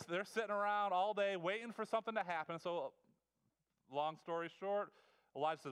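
A male preacher retelling a story in a sermon, in a casual, animated way with asides and quick restarts. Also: high-pitched, smooth. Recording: long reverb of a large hall.

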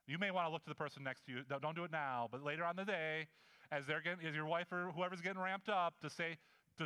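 A man preaching a sermon in a conversational, animated way, acting out the scenes he describes. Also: on the high side, fast talker, clear, resonant tone. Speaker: pastor.

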